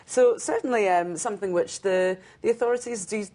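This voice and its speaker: A woman's voice: medium pitch, a little fast, warm tone. A woman anchoring a news programme, who reads a scripted introduction and then chats less fluently, with fillers. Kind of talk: news presenting and studio chat.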